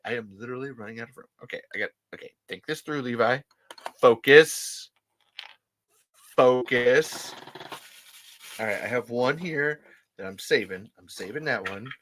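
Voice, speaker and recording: A vlogger unboxing collectibles, giddy and breathless, gasping and rambling with casual swearing. The pitch swoops all over the place, and the tone is bright and forceful. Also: animated, normal speed, pauses often. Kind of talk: excited unboxing vlog.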